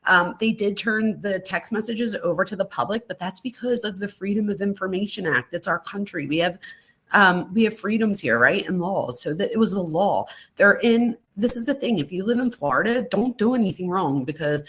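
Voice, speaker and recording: A woman hosting a live true crime reaction stream, chatting to viewers in an animated way. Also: medium pitch, moderate pace, breathy edge. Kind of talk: live-stream reaction reading letters aloud.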